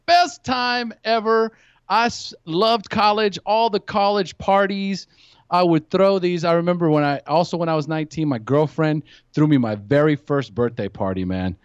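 A man's voice: fairly high pitch, normal speed, clear, resonant tone, dry recording. A man, a podcast guest, telling stories in casual chat and acting out his friends' voices. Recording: dry, dull lo-fi podcast audio.

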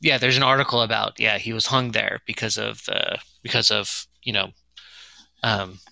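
Gravelly, bright-voiced man, hesitant. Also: on the low side, fairly even intonation, normal speed, no room sound. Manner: hesitant, many fillers, reads from notes. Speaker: podcast co-host. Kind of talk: casual chat.

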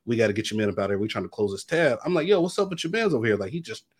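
A man's voice: fairly low pitch, very animated, racing, breathy edge. A young man co-hosting a podcast, telling a long story in casual chat, acting out quotes with heavy slang and lots of fillers. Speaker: podcast co-host.

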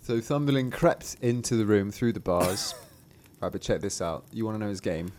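A man's voice: lowish voice, moderate pace, darkish tone, a little hiss or hum. A man hosting a show, casually retelling a fairy tale with playful asides and chuckles. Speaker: podcast host. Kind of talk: casual storytelling.

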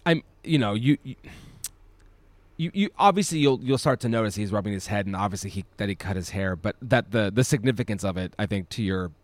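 A man co-hosting a casual film podcast, animated, with many stammering restarts and an occasional swear. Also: lowish voice, no room sound. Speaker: podcast co-host.

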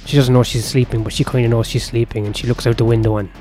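A man's voice: mid-range voice, little pitch movement, quick pace, warm tone, soft background music. Rambling profane male storyteller. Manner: rambling, profane, self-interrupting asides. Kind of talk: improvised story narration.

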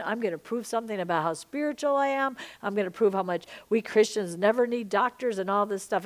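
A middle-aged woman teaching a sermon-style podcast, impassioned, dropping to hushed whispers and rising to loud emphasis. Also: mid-range voice, fairly quick, hardly any pauses. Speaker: Christian teacher and minister.

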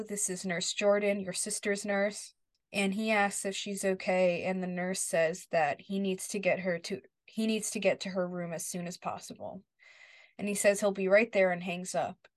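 Woman co-host, casual episode recap, middle pitch, dry booth. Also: dry recording. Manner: retells scenes, quoting characters. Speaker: podcast co-host.

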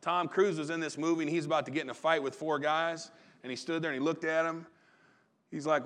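A man preaching a sermon in a relaxed, conversational storytelling way, often restarting his phrases. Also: on the high side, fairly quick. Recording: long reverb of a large hall.

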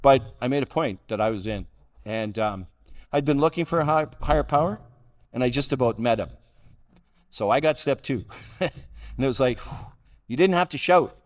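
Speaking as a guest at a recovery roundup, a wry middle-aged Calgary man shares humorous personal stories, poking fun at himself and laughing at his own lines. His voice sits in the medium range, his pace is moderate, and he leaves long pauses.

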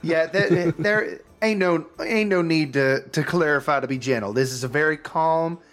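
Casting: armored tiefling temple head, put on by a male game master, high-pitched, laid-back and homey. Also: moderate pace, a bit bright, natural voice. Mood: friendly. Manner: folksy, easygoing, says hun and y'all.

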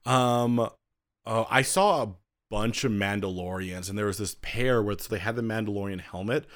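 A man's voice: on the low side, normal speed, a bit bright. A man co-hosting a podcast in casual chat, rambling and correcting himself mid-sentence, laughing often. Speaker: podcast co-host and author.

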